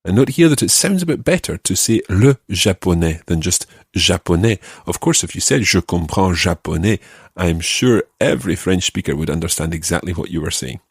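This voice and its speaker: Low husky male language teacher. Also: lively intonation, no echo, clean studio sound. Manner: patient, clear teacher pacing, slowing down for French phrases. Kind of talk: podcast language lesson.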